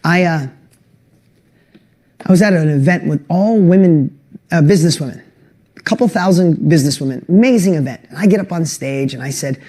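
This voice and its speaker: A man giving a motivational talk to an online audience, telling animated stories and often restarting his sentences. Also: a little high, fairly quick, long pauses. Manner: animated, acts out quoted voices, restarts sentences; speaks directly to an online audience. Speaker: business coach and motivational speaker.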